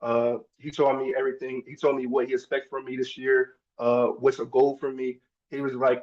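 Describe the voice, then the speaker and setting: A man's voice: medium pitch, little pitch movement, normal speed, hardly any pauses, a little mellow. A young man from New Jersey, a college football player, talking in an easygoing, enthusiastic, informal way as an interview guest. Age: young adult. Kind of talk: casual interview. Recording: dull lo-fi sound.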